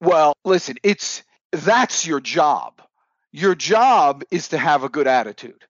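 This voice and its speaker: An animated man, a sales coach, tells stories on a podcast with a lively, rather high voice that swoops up and down. He acts out his dialogue with energy while standing. The sound is dry and a little dull. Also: takes it slowly, no echo. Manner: animated, upbeat storyteller who acts out dialogue. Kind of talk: storytelling in a podcast interview.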